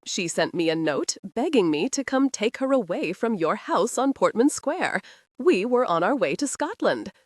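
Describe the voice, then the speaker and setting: A woman's voice: mid-range voice, sing-song, normal speed, no room sound, clean studio sound. A woman narrator voicing a petulant, entitled young man who whines and pities himself in a romance audiobook. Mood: whiny. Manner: whining, self-pitying.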